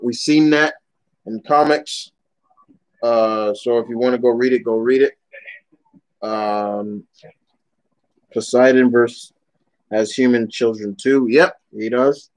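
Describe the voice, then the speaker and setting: A man's voice: mid-range voice, a little mellow, poor audio. A young man ranting bluntly and with animation while chatting casually on a live stream, swearing often as he answers viewers' questions.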